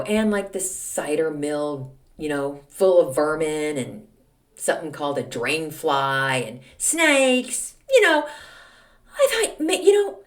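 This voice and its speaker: A middle-aged woman hosting her own podcast, telling self-mocking stories in a snarky, animated way. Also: fairly low pitch. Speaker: podcast host. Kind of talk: casual solo monologue.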